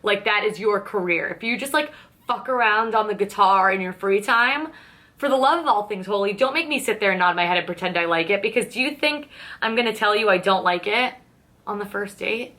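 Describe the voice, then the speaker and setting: A young woman with a bright, forward voice talks straight to the camera while doing her makeup. She is candid and sarcastic, swears freely, and plays both sides of a conversation as she tells the story. Her pitch stays in an ordinary middle range. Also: a little fast. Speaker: beauty vlogger. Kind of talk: casual chatty get-ready-with-me storytelling.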